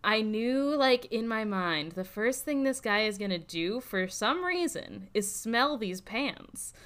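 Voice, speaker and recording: A woman's voice: a little high, expressive, takes it slowly, fairly bright tone. A young woman in casual chat, self-mocking, laughing often.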